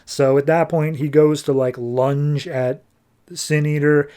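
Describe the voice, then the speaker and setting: A man's voice: a little high, flat delivery, mellow, clean tone. Casual man recapping a comic. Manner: casual, quick paraphrasing of characters with loose voices. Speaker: comic book podcast host.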